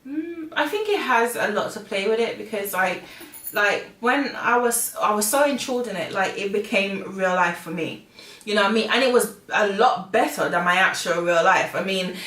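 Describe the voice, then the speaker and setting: A woman's voice: medium pitch, lively intonation, normal speed, fairly bright tone. A woman co-hosting a casual conversation, speaking hesitantly with many fillers and restarts. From United Kingdom. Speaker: co-host. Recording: echoey room, far from the mic.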